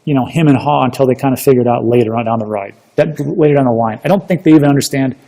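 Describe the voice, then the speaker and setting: A man giving a chatty, energetic recap of a seminar in casual commentary, often restarting his sentences. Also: medium pitch, rapid-fire. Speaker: crypto investing YouTuber. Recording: long reverb.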